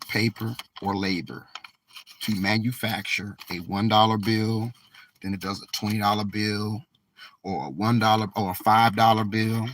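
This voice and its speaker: A man hosting a live stream from a vehicle, talking to his chat in a slow, emphatic, preachy way and dragging out key words. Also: fairly low pitch, a bit bright. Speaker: livestream host.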